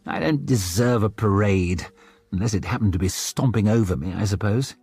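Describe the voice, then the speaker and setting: A man's voice: on the low side, moderate pace, a little mellow, breathy edge, no echo. A man voicing a self-mocking young crown prince with a flippant, boyish manner. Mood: rueful.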